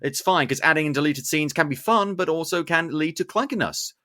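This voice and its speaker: A man hosting a podcast, recapping a film in casual chat with animated, sarcastic asides. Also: fairly high pitch, brisk. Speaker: podcast host.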